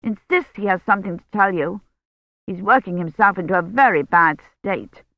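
A narrator voicing a brisk, dismissive older woman doctor on the telephone in an audiobook. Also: mid-range voice, no echo, dull audio, lightly acted. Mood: concerned.

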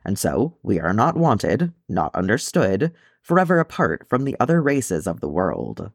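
A man voicing a stern, proud dwarf who speaks with slow, measured solemnity. The low voice has a gravelly edge, and the pitch moves a great deal. It is a dry, close storybook recording. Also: huge pitch swings, dry recording, exaggerated voice. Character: stern proud male dwarf, weary and stoic.

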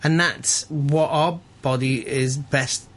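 A man talking as a chef guest in a radio studio, casual and halting, full of fillers and restarts. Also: mid-range voice, fairly even intonation.

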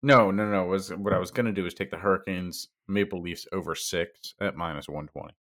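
A man's voice: sits low, fairly quick, a bit bright. A man giving his betting picks on a casual podcast, hesitant and full of fillers. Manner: hesitant, fills with uh, trails off. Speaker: podcast regular. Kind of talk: casual sports betting chat.

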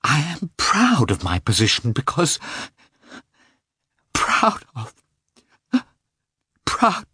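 A man's voice: low-pitched, sing-song, a little slow, a bit bright, husky, dry recording, clean studio sound, full character voice. Anna, a man voicing a trembling noblewoman. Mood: anguished. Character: anguished young noblewoman, proud and tearful. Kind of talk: audiobook character reading.

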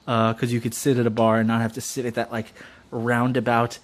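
A man's voice: mid-range voice, completely flat delivery, brisk. A man chatting casually and joking on a podcast, rambling and tossing in silly voices, with drinks going. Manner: rambling, jokey, slips into silly put-on voices for quotes. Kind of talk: casual comedic chat.

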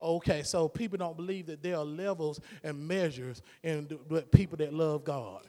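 A man's voice: a little high, steady tone, normal speed, few pauses, mellow. A man preaching a sermon as pastor, in a rhythmic, repetitive preaching style with rising fervor. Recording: long hall reverb.

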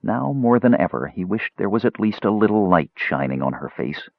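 A man narrating a fantasy story in a measured storytelling manner. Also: fairly low pitch, vocal fry, no room sound. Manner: measured storytelling, lively intonation. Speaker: audiobook narrator. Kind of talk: scripted narration. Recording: dull dry close-mic audiobook recording.

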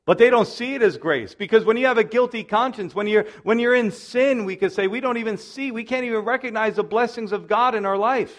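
A male pastor teaching verse by verse through a Bible passage, with an animated manner and playful asides that act out the characters' lines. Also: sits high, a little fast, few pauses.

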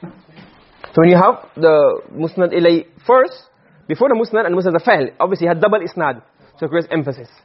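A man lecturing on Arabic rhetoric in a quick classroom style, often checking if students follow. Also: fairly high pitch, lively intonation, slightly rough. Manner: quick, questioning students, drops Arabic grammar terms. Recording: dull lo-fi recording.

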